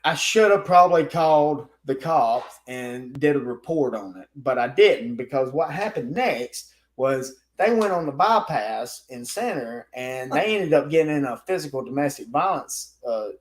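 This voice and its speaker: A man's voice: medium pitch, expressive, moderate pace, few pauses, poor audio. A man telling a story in a casual podcast chat, talking bluntly with a lot of swearing. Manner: rough, informal speech. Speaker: guest telling stories from law enforcement work.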